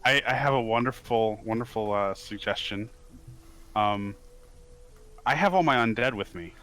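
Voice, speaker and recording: A man's voice: on the low side, normal speed, sharp tone. A man playing a tabletop game, chatting casually and playfully arguing his case. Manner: playful, bargaining, argumentative. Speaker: player.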